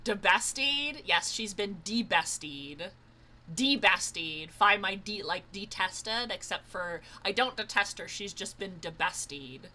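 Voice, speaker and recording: A young woman streaming a game, excitable and loud, swearing, laughing and screaming as she plays. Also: mid-range voice, a little slow, a little hiss or hum. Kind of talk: let's play commentary.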